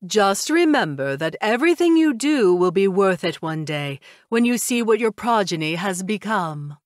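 A motherly female vampire speaks slowly and warmly, drawing out her words, as a woman narrator puts her on. Her voice sits a little higher than the narration. The storybook reading is close and dry. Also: very animated, no echo, close to an everyday voice. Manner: warm, drawn-out and motherly. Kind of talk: audiobook character voice.

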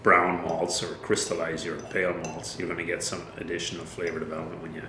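A man's voice: low voice, completely flat delivery, a little fast. An Irish brewmaster, a man, chatting casually as a guest and explaining things thoughtfully with plenty of fillers. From Ireland. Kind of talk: casual chat. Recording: roomy echo, faint noise.

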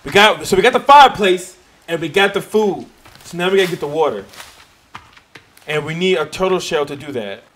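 Jumpy, animated gaming man. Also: fairly high pitch, fairly quick. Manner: jumpy, swears often, talks to himself. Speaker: gaming YouTuber. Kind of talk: survival game let's play commentary.

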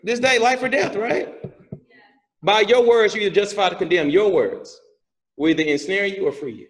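A man preaching a sermon as pastor, asking the congregation questions and rising from quiet reading to shouted exhortation. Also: high-pitched, moderate pace.

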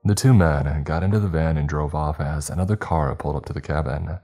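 Very deep-voiced male horror narrator. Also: fairly quick, warm tone. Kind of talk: scripted horror story narration. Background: faint music.

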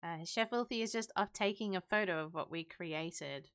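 A woman's voice: fairly low pitch, moderate pace, a bit bright. A young woman co-hosting a live stream in casual chat, giggly and teasing. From Great Britain. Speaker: stream co-host.

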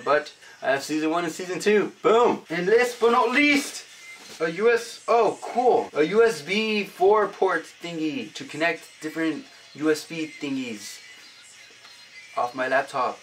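A man's voice: a little high, a little slow, faint music behind. Upbeat guy exclaiming over fan mail. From United States. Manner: upbeat, punctuates items with loud exclamations. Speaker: vlogger opening fan mail. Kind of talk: casual vlog chat.

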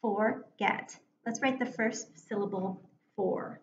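Woman, teacher, recorded lesson for young children, slow clear encouraging delivery, echoey room, muffled sound. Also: a little high. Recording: echoey room, dull sound, faint hiss.

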